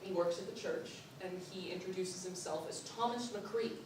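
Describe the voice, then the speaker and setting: A young woman performs a spooky personal story as a theatrical monologue. Her delivery is playful and animated, with frequent laughter. The voice is distant from the mic and wrapped in heavy hall echo over faint ambience. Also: fairly low pitch, moderate pace, background noise. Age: young adult. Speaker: student performer. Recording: echoey hall from far off.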